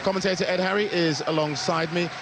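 Male athletics reporter, live outdoors, upbeat, traffic noise behind, higher voice. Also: steady tone, fast, creaky, crowd noise. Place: outside a stadium.

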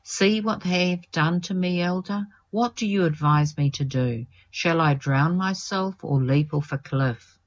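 The reader voicing a desperate, wounded young woman who pleads for help in a high, tearful voice, in a lo-fi recording. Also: unhurried, hardly any pauses, lightly acted.

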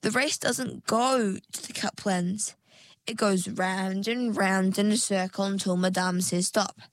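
A woman voicing a sensible, cautious girl in a storybook, calm and matter-of-fact. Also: medium pitch, a little slow, no room sound, close to an everyday voice. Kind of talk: storybook character voice.

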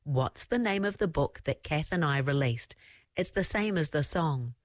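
A woman's voice: low voice, lively intonation, moderate pace, dry recording, studio quality. A woman hosting a children's radio show, playfully announcing a competition. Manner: playful, teasing with silly answer choices.

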